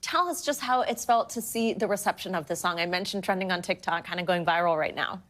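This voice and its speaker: A woman's voice: fairly low pitch, a little fast, a bit bright. A woman anchoring a morning news program, presenting segments and interviewing a guest in an upbeat way.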